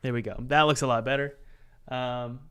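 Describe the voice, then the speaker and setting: His mid-range voice is clear and resonant, steady in tone and normal in speed, as he casually teaches game development live. He jokes around with the chat and narrates every software step out loud to himself.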